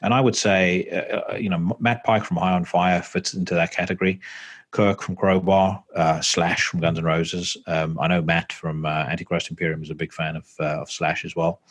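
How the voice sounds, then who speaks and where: Deep-voiced man hosting a metal podcast. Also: level tone, moderate pace. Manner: rambling, many fillers, swears casually. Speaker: podcast host. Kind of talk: casual chat. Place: home podcast setup.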